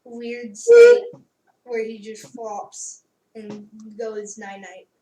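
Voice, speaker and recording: A woman playing a tabletop game, speaking in halting bits that trail off, on an echoey, distant mic. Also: a little high, very animated, mellow. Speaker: player. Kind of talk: casual tabletop play.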